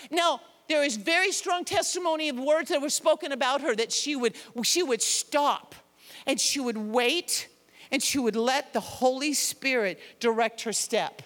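Sex: woman. Role: preacher. Style: animated, conversational sermon. Pitch: high. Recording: long reverb of a church hall. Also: unhurried. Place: church sanctuary.

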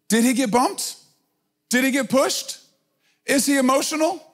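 A man's voice: very high voice, unhurried, long pauses. A man in his thirties preaching a sermon in an emphatic, conversational way, full of casual fillers. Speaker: pastor.

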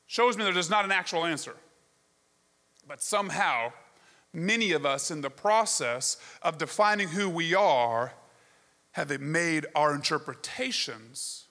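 Pastor, male, high and forceful voice, animated storyteller, large echoing hall. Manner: animated storytelling with rhetorical questions. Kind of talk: sermon. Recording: long reverb of a large hall.

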